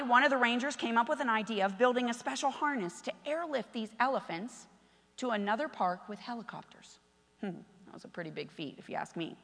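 A woman preaching with fervor, her bright, high voice ringing out with a long reverb. She swings from hushed asides to shouted calls. She sounds like she is in a big church hall. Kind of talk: sermon.

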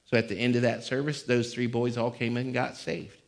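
A male pastor preaching a sermon, swinging between conversational talk and sudden shouts. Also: mid-range voice, steady tone, a little fast, vocal fry. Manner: fiery, shouting bursts between conversational stretches. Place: church. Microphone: live-streamed service mic.

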